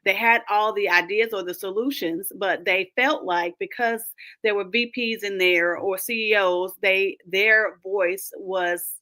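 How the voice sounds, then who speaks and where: A woman coach speaking emphatically as a roundtable guest, animated and often laughing as she makes her points. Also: mid-range voice, unhurried. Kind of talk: roundtable conversation.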